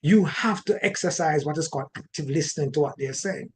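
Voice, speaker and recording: A man with a Jamaican accent giving an animated teaching talk on marriage, often repeating words and restarting his sentences. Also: fairly high pitch, brisk, a little hiss or hum. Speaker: relationship teacher.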